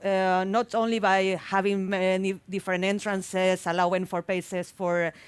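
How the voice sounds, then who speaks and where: A woman architect and researcher speaking on a public panel in a thoughtful, halting way, often repeating words. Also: mid-range voice, level tone, clear, resonant tone, dry recording. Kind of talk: panel discussion. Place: public talk event.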